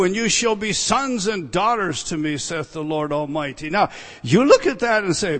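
A man preaching an expository sermon, stressing key words loudly and dropping into quiet asides. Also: high-pitched, expressive, moderate pace. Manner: emphatic, drops to quiet asides. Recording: long reverb of a large hall.

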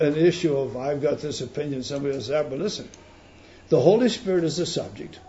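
A man with a voice on the high side preaches a sermon in an emphatic, teaching manner, swinging between loud stresses and quiet intensity. The audio sounds dull.

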